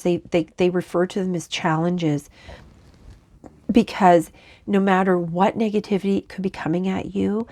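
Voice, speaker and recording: A woman with a slightly low voice talks through a spiritual channeling session. Her delivery is halting and rambling, full of restarts. She keeps breaking off to answer unseen spirits. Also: darkish tone. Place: lives in Canada.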